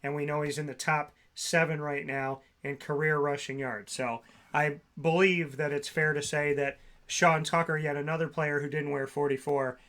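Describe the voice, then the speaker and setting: A man's voice: on the high side, fairly even intonation, moderate pace, fairly bright tone. A man co-hosting a sports talk show, reeling off stats and player names in long runs. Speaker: co-host.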